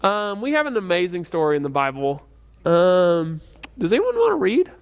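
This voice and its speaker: A man's voice: high voice, wildly swooping pitch, moderate pace, clear, resonant tone. A man leading a casual church youth lesson in a rambling, chatty way, full of fillers and restarts. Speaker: youth Bible teacher.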